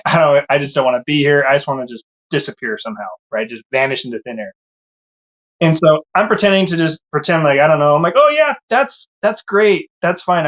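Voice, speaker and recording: Animated man telling his own story. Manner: animated, acts out his own past thoughts with rises in pitch. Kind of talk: casual storytelling.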